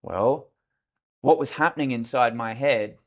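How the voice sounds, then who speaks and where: A man's voice: medium pitch, measured pace, a bit bright, highs cut off. Australian man, middle-aged, podcast guest; candid storyteller with a mid-range voice. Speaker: leadership consultant, podcast guest.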